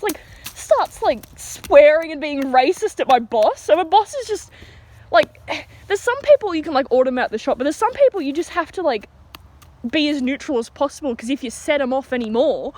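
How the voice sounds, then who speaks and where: Australian woman, young adult, high-pitched, rambling casual storytime, recorded outdoors. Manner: rambling, giggly, lots of fillers.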